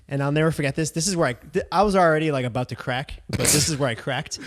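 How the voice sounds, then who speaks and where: A man's voice: on the high side, fast talker, few pauses. Young man, podcast host, crude casual storytelling, laughs through his own tale.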